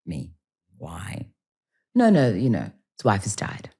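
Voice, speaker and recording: A woman in her forties, a podcast guest telling stories in casual interview talk, animated and acting out bits of dialogue. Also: rumbling low, slow pace, husky. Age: 40s.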